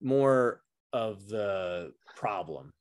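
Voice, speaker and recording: A man co-hosting a podcast in casual political chat, halting and repeating words as he thinks aloud. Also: fairly low pitch, animated. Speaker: podcast co-host.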